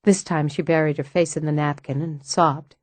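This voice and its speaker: A woman narrating a novel as an audiobook reader, in a calm, measured way. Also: sits low, no room sound. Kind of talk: scripted narration.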